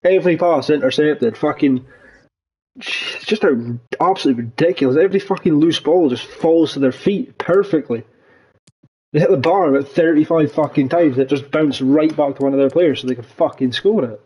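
Swearing heavily and ranting at the play, a young man narrates his football video game for his gaming channel, his pitch jumping when angry. He speaks at normal speed in a slightly high voice with a darkish tone and breathy edge, and the recording is low quality.

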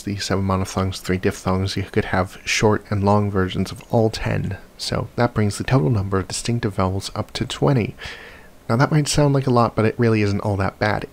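A man explaining vowel sounds in a lesson, speaking each sound slowly and carefully as a demonstration. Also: on the low side, gravelly. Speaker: language teacher.

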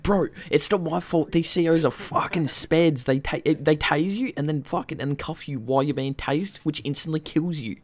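A man's voice: on the high side, moderate pace, hardly any pauses. A young man chatting and swearing casually while playing a role-play game. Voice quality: sweary, laughs often. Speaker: gaming streamer.

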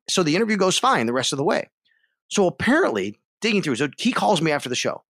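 A man's voice: on the high side, fast, dry recording, clean studio sound. A man, a sports radio host, telling a story as a podcast guest and acting out the other voices. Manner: animated, acts out the other voices in his story.

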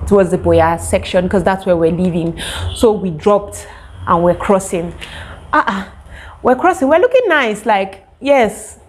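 A young Cameroonian woman telling a casual storytime to her viewers, lively and animated. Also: mid-range voice, a little hiss or hum. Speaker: vlogger.

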